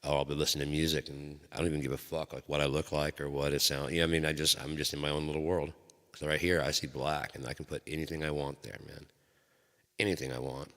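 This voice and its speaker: A man's voice: very deep voice, little pitch movement, fast, a bit bright. A man hosting his own channel, rambling and swearing as he tells personal stories. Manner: profane, rambling storyteller. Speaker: channel host. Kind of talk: rambling solo talk. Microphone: microphone. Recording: long hall reverb.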